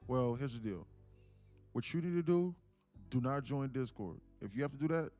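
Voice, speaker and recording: A man's voice: mid-range voice, lively intonation, moderate pace, dark tone, soft background music. A man hosting a live trading stream and mentoring viewers, talking in a rambling, slangy way with many restarts. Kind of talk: casual live-stream talk.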